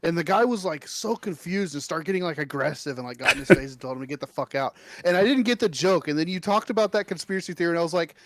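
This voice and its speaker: Animated, foul-mouthed man in casual chat. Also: a little high, fast, hardly any pauses. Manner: animated storyteller, swears often. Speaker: co-host.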